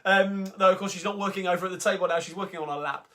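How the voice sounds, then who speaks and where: A man's voice: high voice, steady tone, racing, fairly bright tone. A man with a London Cockney accent hosting a live sing-along, chatting casually and rambling with lots of ums between songs. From England.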